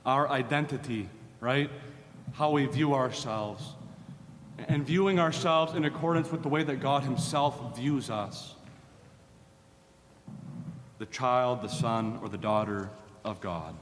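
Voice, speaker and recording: A man's voice: takes it slowly, pauses often. A man preaching a sermon, earnest and repeating phrases for emphasis. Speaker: pastor. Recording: hall reverb with faint rumble.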